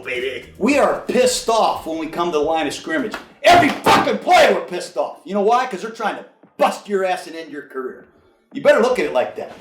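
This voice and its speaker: A man's voice: high voice, distant mic. Older man barking snap counts, echoey. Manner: animated, shouting snap counts and cadences; profane, drill-sergeant bark. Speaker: football coach. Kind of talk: coaching session. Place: film room. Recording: echoey room, mic from afar, faint music.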